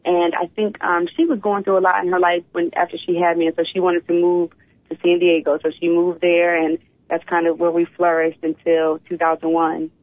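A woman in her thirties, from Philadelphia, tells her story as an interview guest in an animated, open way. She comes through a tinny, dry phone line with no room sound. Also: on the low side, a little fast, no room sound. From Philadelphia, USA. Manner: animated storytelling, often starts with "you know what". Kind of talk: casual interview.

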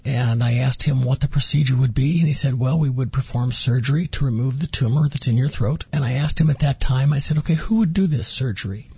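Husky-voiced man telling his story. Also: mid-range voice, brisk, hardly any pauses, darkish tone, no room sound, highs cut off. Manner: earnest, acts out quoted dialogue. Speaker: interview guest, former patient. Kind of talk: radio interview storytelling.

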